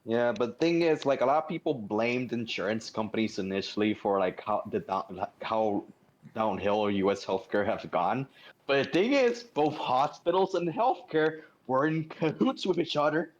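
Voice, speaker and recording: A man's voice: mid-range voice, normal speed, highs cut off. A man in casual chat, explaining things and agreeing with friends.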